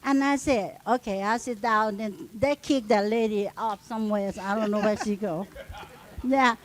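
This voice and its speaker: A woman's voice: mid-range voice, normal speed, low-quality recording. A middle-aged woman, a union member on a panel, telling a story at a live event and acting out the dialogue. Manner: animated, acts out quoted dialogue.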